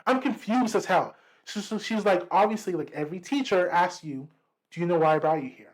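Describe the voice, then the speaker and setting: A man co-hosting a podcast, telling a story in casual chat, lively and profane, acting out what people said. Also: high voice, brisk, poor audio. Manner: animated, profane, acts out quotes. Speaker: podcast co-host.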